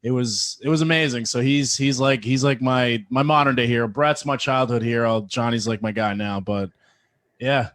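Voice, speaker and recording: Earnest, halting man, dry close sound. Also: mid-range voice, fairly even intonation, fairly bright tone, no echo. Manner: earnest, halting storyteller with restarts and "like". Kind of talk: casual interview chat.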